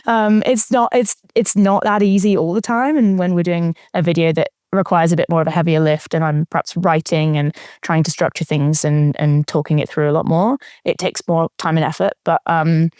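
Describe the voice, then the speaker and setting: Low-voiced woman, dry close sound. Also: fairly even intonation, moderate pace, hardly any pauses, darkish tone, clean tone, dry recording. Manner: thoughtful, frequent fillers and restarts. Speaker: interview guest, marathon runner. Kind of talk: casual interview talk.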